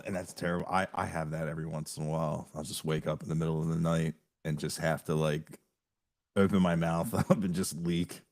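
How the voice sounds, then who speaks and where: A man on a podcast telling stories in an animated way, acting out what other people said and often laughing along. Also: extremely low pitch, a little fast. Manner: animated storyteller, quotes people in acted voices, laughs often. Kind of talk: casual chat.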